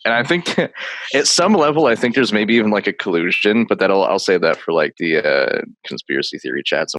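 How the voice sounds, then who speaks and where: A man's voice: fairly low pitch, expressive, moderate pace, fairly bright tone, no room sound, poor audio. A man, an interview guest, talking loosely in a casual chat, joking and meandering. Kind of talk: casual video call interview.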